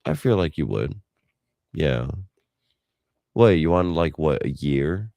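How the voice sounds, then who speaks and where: A man's voice: extremely low pitch, lively intonation, slow, creaky, warm tone, dry recording. A man co-hosting a podcast who mostly gives short reactions and brief answers in casual chat. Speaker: podcast co-host.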